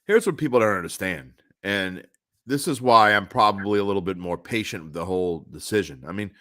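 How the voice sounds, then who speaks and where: A man's voice: fairly low pitch, animated, brisk, sharp tone, no room sound, studio quality. A man co-hosting a sports podcast, giving firm, emphatic opinions on football in casual talk. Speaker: podcast co-host.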